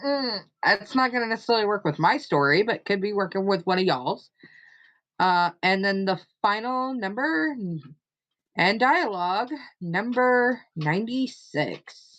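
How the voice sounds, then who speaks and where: Slow-talking woman hosting a stream. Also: mid-range voice, lively intonation, a bit bright, low-quality recording. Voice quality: unhurried, rambling with fillers. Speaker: stream host. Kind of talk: casual chat.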